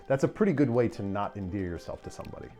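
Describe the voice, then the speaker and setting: A man's voice: fairly low pitch, lively intonation, a little fast, mellow, soft background music. A man streaming a game speedrun, chatting casually and telling rambling, self-deprecating stories full of fillers. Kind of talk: casual chat during a livestream.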